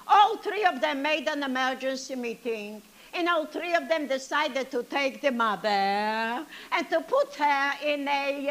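A woman's voice: high voice, fairly bright tone, exaggerated voice. A woman performing a comic monologue as an elderly grandmother, telling stories with dry self-pity and sing-song asides. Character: elderly Yiddish-speaking grandmother, chatty and wry.

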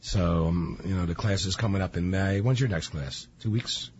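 A man hosting a casual radio talk show about real estate, chatty and fond of jokes, with a husky voice. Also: deep voice, normal speed. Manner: chatty, jokey storyteller. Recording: dull lo-fi radio audio.

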